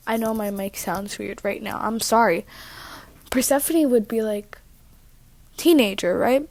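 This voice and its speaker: A woman telling a casual story on her vlog, rambling and chatty as she interrupts herself. Her voice sits fairly high for a woman. She records on her own mic in a living room with a dry, close sound. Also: unhurried, dry recording. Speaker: vlogger. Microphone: own microphone.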